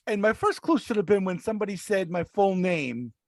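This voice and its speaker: A man co-hosting a podcast, telling a long story in casual chat, animated and acting out the voices he quotes. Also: sits high, fairly quick, no echo. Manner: animated, acts out quoted voices, many restarts. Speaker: podcast co-host.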